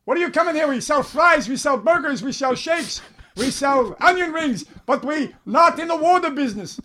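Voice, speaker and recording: A furious ranting restaurant boss. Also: male voice, very high-pitched, expressive, moderate pace, a little hiss or hum, voice pushed up, exaggerated voice. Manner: shouting, ranting in broken English. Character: furious blustering male fast-food owner, boss.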